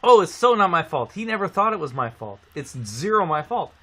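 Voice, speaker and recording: Bright-voiced Canadian man telling a story. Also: fairly high pitch, a little fast. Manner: animated, swearing storyteller who acts out quotes. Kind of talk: casual chat on a live stream.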